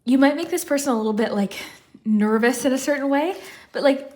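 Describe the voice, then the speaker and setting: A woman's voice: sits high, brisk, mellow. A woman giving a casual pick-a-card tarot reading, out of breath and rambling with lots of fillers. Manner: chatty, rambling, many "like" fillers. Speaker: tarot reader.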